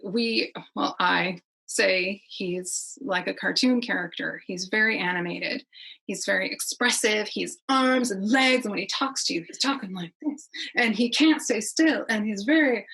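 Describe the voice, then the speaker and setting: Husky-voiced chatty woman. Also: on the high side, a bit bright, low-quality recording. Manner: chatty, rambling, laughs often. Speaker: podcast guest. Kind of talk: casual conversation.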